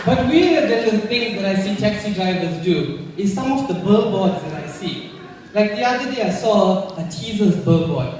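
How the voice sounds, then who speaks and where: A man with a South African accent doing a stand-up comedy set in a club, telling stories deadpan and landing punchlines with crude swearing. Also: sits high, normal speed, background noise. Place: comedy club stage before a live audience. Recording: echoey club, voice from far off.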